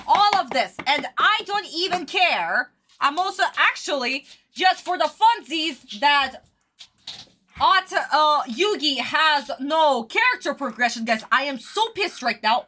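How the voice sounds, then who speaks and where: A woman's voice: high voice, bright, forceful tone. A woman streamer ranting through a casual live reaction to a cartoon episode, exasperated and swearing a lot.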